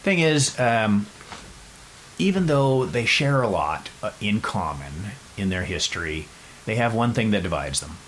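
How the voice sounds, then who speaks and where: A man hosting a podcast, telling a story in a casual, animated way with wry asides. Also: on the low side, a little slow, a little hiss or hum, low-quality recording. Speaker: podcast host.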